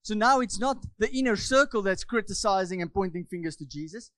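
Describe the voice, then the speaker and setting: A man's voice: sits high, lively intonation, a little fast, bright, forceful tone, no room sound. A man preaching a sermon in a church, fervent and repetitive, often asking for amens. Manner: fervent, repeats phrases, asks the congregation for amens.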